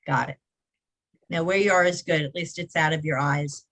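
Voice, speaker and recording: A woman chatting on a video call, asking questions and quick to agree. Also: low-pitched, fairly bright tone. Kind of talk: casual chat.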